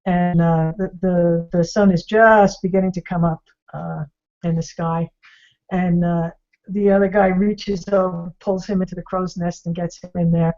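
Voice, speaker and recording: This discussion host is a woman with a mellow, lowish voice, fairly even intonation, and a moderate pace. She casually retells a story in a rambling way, full of ums, fillers, and restarts. The video-call audio sounds slightly dull.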